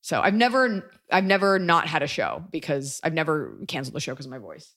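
A woman's voice: low voice, sing-song, brisk, fairly bright tone. A woman in her thirties hosting a podcast, chatting casually in a rambling, self-deprecating way. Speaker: podcast host and comedian.

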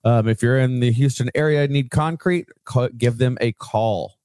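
A man in a casual podcast chat, reading sponsor plugs with offhand asides and the odd swear. His voice sits at an ordinary male pitch, and the room sound is dry and close. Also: moderate pace, darkish tone, dry recording. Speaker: podcast co-host.

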